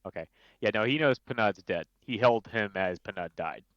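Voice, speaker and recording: A deep-voiced man plays a tabletop game and talks hesitantly, with lots of fillers. The sound is dull and dry, as from a lo-fi mic. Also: lively intonation, normal speed, fairly bright tone, no echo. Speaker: player. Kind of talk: casual game chat.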